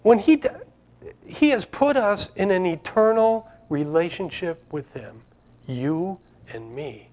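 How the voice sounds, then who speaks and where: A man's voice: high-pitched, slow pace, darkish tone. A man preaching an informal sermon to his congregation, rambling and conversational with frequent restarts. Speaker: pastor.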